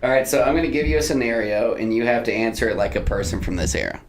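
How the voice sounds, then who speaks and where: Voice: mid-range voice, quick pace. A host leading a casual chat and party game, teasing, laughing a lot and hamming up old-timey voices. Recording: echoey room with noise.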